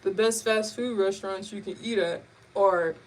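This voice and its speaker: A woman voicing her adult big brother as a flat, expressionless, matter-of-fact man. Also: medium pitch, normal speed, natural voice. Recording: distant mic with faint background noise.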